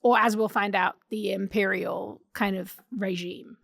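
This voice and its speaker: A woman's voice: medium pitch, fairly even intonation, a little slow, gravelly, a bit bright. A woman co-hosting a podcast, discussing a TV episode in an enthusiastic, analytical way. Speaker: podcast co-host.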